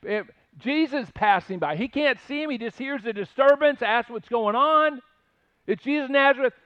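A man's voice: extremely high pitch, normal speed, pushed and bright, clear, resonant tone, no echo, highs cut off. A man preaching a conversational sermon, earnest and emphatic as he retells stories. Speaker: pastor.

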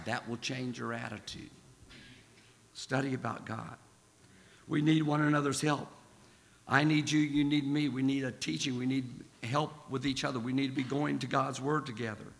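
A male preacher delivers an earnest sermon in a hoarse, croaky voice with a gravelly edge. He leans into key phrases and slows down on them. The sound carries a long church-hall reverb over a faint room hum. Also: medium pitch, a bit bright.

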